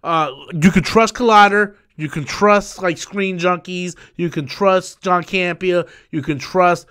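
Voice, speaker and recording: Bright high-voiced man ranting on a live stream. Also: clear, resonant tone. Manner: profane, repetitive, quick to anger. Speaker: livestream host. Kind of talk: casual live stream chat.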